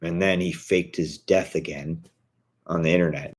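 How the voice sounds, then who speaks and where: A man with a very deep voice rants casually to his viewers. He speaks bluntly and indignantly, swearing freely. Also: fairly even intonation, moderate pace. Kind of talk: casual vlog rant.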